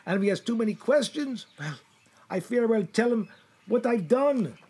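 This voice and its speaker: Husky, fretful man. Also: extremely high pitch, animated, moderate pace, a little mellow. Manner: fretful, muttering to himself, fond with his plants. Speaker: comedic performer as a gardener. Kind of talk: comedy sketch monologue.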